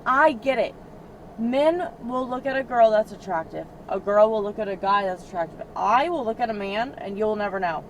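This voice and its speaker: A woman's voice: mid-range voice, expressive, moderate pace, rough recording. Heated, profane young woman venting in a car. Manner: heated, profane, filler-heavy talk. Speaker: rideshare passenger. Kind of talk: casual venting chat. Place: inside a moving car. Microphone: in-car cabin camera. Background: faint vehicle road noise.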